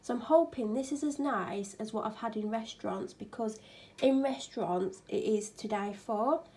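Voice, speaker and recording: A woman's voice: a little high, normal speed, dark tone, slight background noise. Chatty, tired woman vlogging at home. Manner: chatty, rambling, self-mocking. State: ill and tired. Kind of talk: casual chat. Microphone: clip-on microphone.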